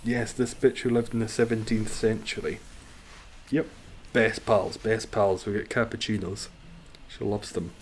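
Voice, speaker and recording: A man's voice: lowish voice, slight background noise. A man streaming a game live, chatting casually with viewers, reacting and swearing freely.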